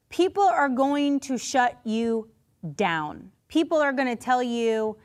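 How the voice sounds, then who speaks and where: A woman preaching a sermon, her voice sitting a bit high. She talks in an unhurried, conversational way, with restarts, asides and little acted-out voices. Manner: conversational, animated, acts out quoted voices. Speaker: pastor.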